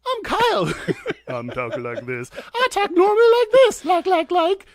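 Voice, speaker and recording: A man doing a goofy mocking impression of his male co-host, exaggerated and full of halting fillers. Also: very high voice, huge pitch swings, no echo, studio quality, voice pushed up, exaggerated voice.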